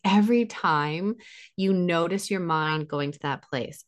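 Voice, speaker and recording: A woman giving relationship advice in a conversational interview, animated and acting out what partners say, with frequent laughs. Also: lowish voice, a little slow. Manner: animated, acts out quoted partners, laughs often. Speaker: relationship expert guest.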